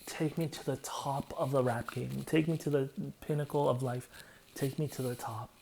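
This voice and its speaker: An excitable man talks through song lyrics in a loose, comedic way and keeps cracking himself up. His pitch sits in an ordinary middle range, and now and then he slips into hushed, breathy asides. A faint hiss sits under the voice. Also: normal speed. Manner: excitable, laughs often, keeps breaking into quoted lines. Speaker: comedic lyric breakdown host. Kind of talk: casual comedic commentary.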